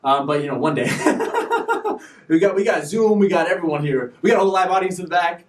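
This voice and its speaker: A man hosting a live stream show, talking in an animated, preachy way with sudden loud bursts. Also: high-pitched, fairly quick, echoey room, far from the mic. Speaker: show host. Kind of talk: energetic live-stream talk.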